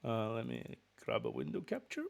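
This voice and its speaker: A man's voice: medium pitch, huge pitch swings, moderate pace, creaky. A man with a slight Russian accent, a little sick, chatting loosely and restarting his sentences as he sets up a stream to read a book. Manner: rambling, with frequent restarts and muttered asides. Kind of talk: casual chat before a book reading.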